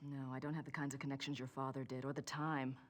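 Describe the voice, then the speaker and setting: A woman's voice: rumbling low, level tone, fast. An actress playing an earnest, polite young woman researcher who is persistent on the phone. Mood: resigned.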